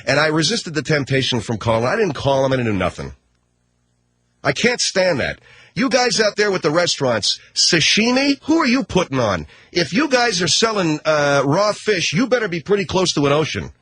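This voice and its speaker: Husky, animated male radio storyteller. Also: on the high side, normal speed, dry recording. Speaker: radio host. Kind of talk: storytelling monologue.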